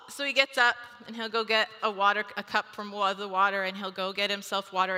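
A woman's voice: mid-range voice, steady tone, moderate pace, bright, forceful tone. A woman in her thirties giving a chatty devotional talk and acting out family conversations. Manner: chatty, acts out family dialogue. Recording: long hall reverb.

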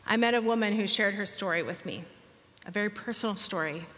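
Woman, storytelling talk, lively, voices the people in her story, emotional, hall reverb. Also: medium pitch, brisk. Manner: emotional, tearful at moving moments.

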